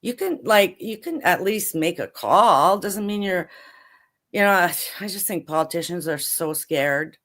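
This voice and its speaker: An older Canadian woman with a low voice, a retired federal prosecutor, appears as a guest on an interview show. At a measured pace she rambles in a relaxed, chatty way, full of asides and fillers, drawing on her years prosecuting.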